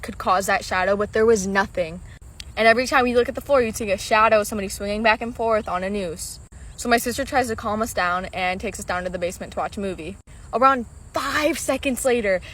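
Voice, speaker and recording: A woman's voice: mid-range voice, fairly bright tone. A text-to-speech woman's voice telling a spooky story in a casual, blunt manner full of slang.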